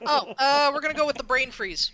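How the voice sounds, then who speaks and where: A woman playing a tabletop game, upbeat and quick in her replies. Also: high-pitched, steady tone, very noisy. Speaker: player. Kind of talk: casual tabletop play.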